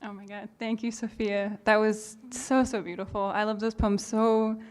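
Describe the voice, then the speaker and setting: A woman hosting a poetry reading, thanking the poet and introducing the next reader in a quick, effusive way. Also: medium pitch, little pitch movement. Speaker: reading series host. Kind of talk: live event introduction.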